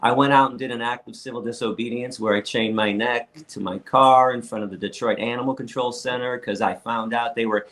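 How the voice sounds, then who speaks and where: Male podcast guest, mid-range pitch, blunt storyteller who stammers and restarts. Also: fairly even intonation, fairly quick, hardly any pauses, a bit bright, poor audio. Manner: blunt and outspoken. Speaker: interview guest, activist.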